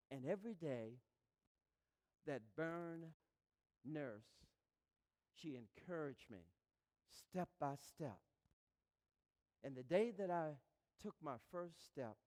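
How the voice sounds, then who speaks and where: A man giving a live motivational speech, telling his story with passion, swinging from hushed to shouting. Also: on the high side, lively intonation, slow, long pauses, in a large hall. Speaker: motivational speaker. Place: live event hall, in front of an audience.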